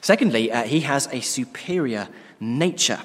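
A man preaching a sermon, earnest and emphatic, often trailing off to a hushed tone at the ends of phrases. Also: medium pitch, lively intonation, normal speed. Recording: long reverb of a large hall.

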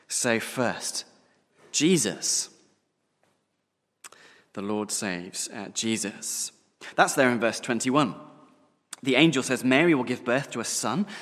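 A man preaching a sermon, slowing down and pausing to stress key words. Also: medium pitch, a bit bright, big-room sound.

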